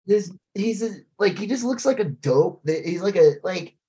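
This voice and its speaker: Ranting, animated podcast co-host. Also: medium pitch, normal speed. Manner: animated, ranting, heavy swearing, lots of fillers. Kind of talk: casual political chat.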